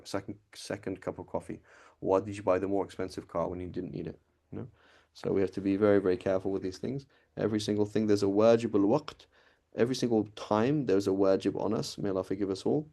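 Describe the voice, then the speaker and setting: Deep, gravelly male religion teacher. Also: steady tone, quick pace, mellow. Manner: explains conversationally with frequent "right?" checks. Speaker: teacher of Islamic law. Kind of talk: informal classroom lecture.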